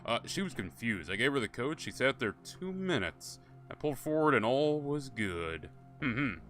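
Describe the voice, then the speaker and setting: A man's voice: mid-range voice, big pitch swings, normal speed, a bit bright, faint music behind. Rambling, cussing game streamer guy. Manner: rambling, profane, laughing storyteller. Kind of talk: casual gameplay commentary.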